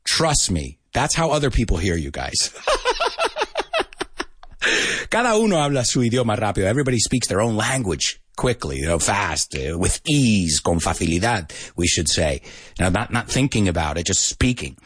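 Male live-stream English teacher, husky voice, lively swings in pitch, dry close sound. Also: moderate pace, dry recording. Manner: lively, mixes in Spanish, laughs often. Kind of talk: casual live-stream lesson.

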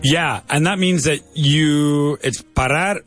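A man's voice: fairly high pitch, takes it slowly, fairly bright tone, faint music behind. A man co-hosting an English lesson, explaining phrases in a friendly, casual way with frequent restarts. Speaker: English teacher and co-host. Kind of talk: casual teaching chat.

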